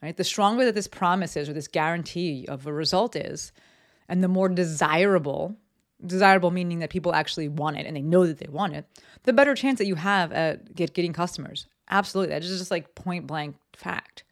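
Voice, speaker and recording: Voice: medium pitch, fairly quick. Chatty podcast host from New Jersey. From East Coast US, New Jersey. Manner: chatty and candid, frequent ums and likes, casual swearing. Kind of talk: casual solo business podcast. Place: home office.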